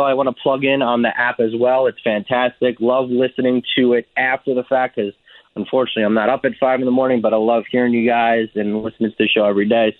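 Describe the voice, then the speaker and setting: A man's voice: mid-range voice, no room sound. A man calling in to a radio show, hesitant with many ums. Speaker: caller. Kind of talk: call-in radio chat. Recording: tinny phone line.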